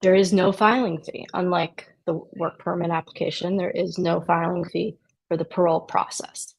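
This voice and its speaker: A woman's voice: on the low side, little pitch movement, moderate pace, vocal fry, slightly rough, poor audio. A woman immigration attorney explaining a legal process in a conversational way, with dry sarcastic asides. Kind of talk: explanatory talk to camera.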